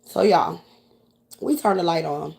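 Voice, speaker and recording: A woman from New York with a New York accent, telling a profane story to her audience in a casual, animated way. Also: on the low side, unhurried, vocal fry.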